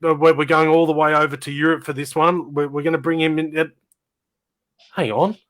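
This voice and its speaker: A man's voice: on the high side, steady tone, fairly quick. A man hosting a comedy live stream, teasing and mock-dramatic. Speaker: stream host.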